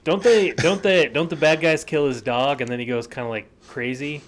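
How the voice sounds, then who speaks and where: A man's voice: fairly high pitch, moderate pace, a little hiss or hum. A man co-hosting a podcast in casual chat, joking and rambling through half-remembered stories. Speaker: podcast co-host.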